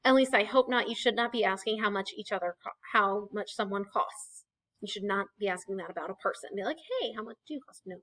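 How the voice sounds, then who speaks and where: A woman's voice: medium pitch, steady tone, fast, fairly bright tone, rough recording. A woman teaching a casual recorded vocabulary lesson, chatty and explaining with asides and fillers. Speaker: Spanish teacher.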